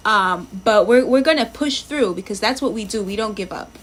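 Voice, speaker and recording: A woman's voice: mid-range voice, expressive, normal speed, a little hiss or hum. A woman live-streaming her language practice, chatting casually, thinking aloud, sounding out words and greeting viewers in the chat. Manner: reads lesson text aloud, sounding words out.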